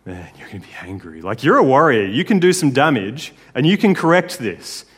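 A man's voice: medium pitch, very animated, a little fast, a bit bright, slightly rough. Casual male preacher in a reverberant hall. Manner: casual, conversational, with tag questions. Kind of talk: sermon.

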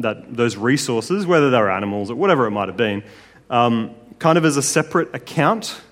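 A man preaching a sermon in a casual, conversational way, often checking in with his listeners. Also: mid-range voice. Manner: casual, conversational, with tag questions. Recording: long hall reverb.

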